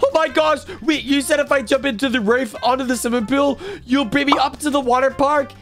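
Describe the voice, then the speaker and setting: A woman doing an excitable little girl, high. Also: a little fast. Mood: excited. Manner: squealing, gasping, talks to viewers. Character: excitable young girl, the baby. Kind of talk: roleplay game voiceover.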